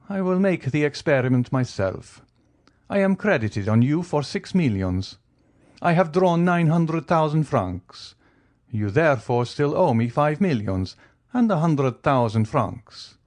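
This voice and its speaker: A man voicing a wealthy, coolly ironic middle-aged count who talks in a teasing, measured way. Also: fairly high pitch, darkish tone, voice pushed up. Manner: teasing, measured, faintly mocking.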